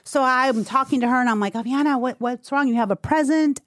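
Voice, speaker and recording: A woman in her thirties, a podcast co-host, telling a story in a lively way and acting out the quoted voices. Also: brisk, no echo, studio quality. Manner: animated, acts out quotes with big pitch jumps. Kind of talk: casual storytelling chat.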